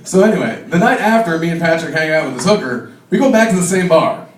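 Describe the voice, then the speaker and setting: A man's voice: a little high, expressive, fast talker, slight background noise. A young man doing his first stand-up comedy set in a bar, telling rambling stories and laughing at his own jokes. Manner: rambling storyteller, acts out friends' voices, laughs at own jokes. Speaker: stand-up comic. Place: small bar stage. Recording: echoey live room mic, from a distance. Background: crowd laughter.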